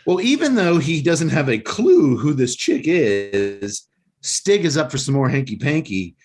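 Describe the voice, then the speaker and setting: A man's voice: fairly high pitch, sing-song, unhurried, darkish tone. A man co-hosting a casual podcast, telling a movie plot as a joking storyteller. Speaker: podcast co-host. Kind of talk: casual chat and movie recap.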